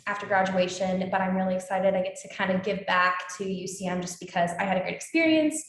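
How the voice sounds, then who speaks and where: A woman's voice: mid-range voice, fast talker. A woman in her twenties, a guest in a casual interview, telling a story with lots of fillers and quoted dialogue. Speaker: alumni guest. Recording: echoey room.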